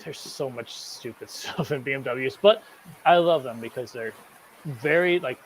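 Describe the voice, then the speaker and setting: A man's voice: medium pitch, normal speed, a little hiss or hum, poor audio. A man, a car mechanic guest on a podcast, chatting casually with frequent laughs and "like" fillers. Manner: laughs often, trailing "like" fillers.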